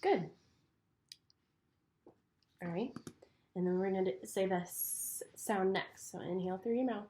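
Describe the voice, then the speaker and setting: A woman's voice: medium pitch, unhurried, long pauses, warm tone. A woman acting as a clinician, patiently walking someone through a speech exam step by step. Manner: encouraging, patient. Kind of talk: giving step-by-step instructions.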